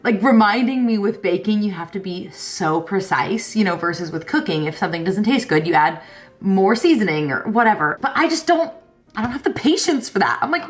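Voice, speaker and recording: A woman's voice: mid-range voice, lively intonation, normal speed, faint music behind. Bubbly twenty-something girl making waffles at home, voice bouncing all over, jokey and self-mocking. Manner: bubbly, self-deprecating, exclamatory. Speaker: lifestyle vlogger. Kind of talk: casual cooking vlog chat. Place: home kitchen.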